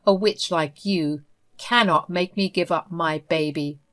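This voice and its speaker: A woman's voice: fairly low pitch, measured pace, a bit bright. A woman voicing an unhinged, possessive sister-in-law who speaks in a defiant, dismissive way.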